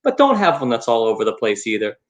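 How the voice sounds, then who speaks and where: A man's voice: medium pitch, huge pitch swings, fast, dull audio. A man co-hosting a podcast, chatting casually with dry, wisecracking remarks. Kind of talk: casual chat.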